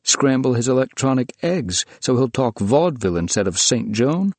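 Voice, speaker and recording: A man voicing a mocking male tormentor who taunts from the dark. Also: medium pitch, expressive, moderate pace, no echo, pitched above the performer's own voice, natural voice. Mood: taunting. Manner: taunting, insinuating.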